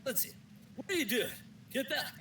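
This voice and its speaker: Lively, swearing co-player on a stream. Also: high voice, normal speed, slight background noise. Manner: animated, swearing, joking. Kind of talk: casual chat. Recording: distant mic, loud game music.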